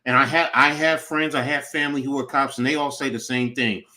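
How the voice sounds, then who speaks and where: A middle-aged man with an ordinary mid-pitched voice talks earnestly as a podcast co-host. He gives practical advice in a casual chat, often restarting his sentences as he goes. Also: steady tone, brisk, sharp tone.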